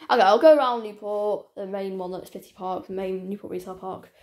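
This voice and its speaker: Woman, channel owner, casual vlog chat, rambling, halting, restarts a lot, mid-pitched voice. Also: darkish tone.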